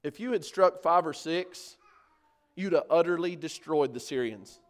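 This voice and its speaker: A man's voice: on the high side, unhurried. A male preacher giving an earnest sermon on a scripture passage, building in force on key points.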